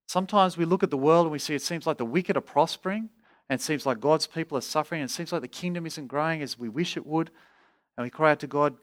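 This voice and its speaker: A man preaching an expository sermon, earnest, rising in pitch when he voices pleas to God. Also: fast.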